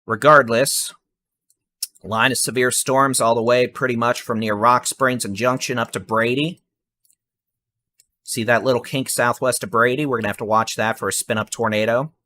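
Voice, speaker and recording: A man giving fast, urgent live severe weather warnings and repeating safety instructions. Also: medium pitch, sharp tone. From Texas.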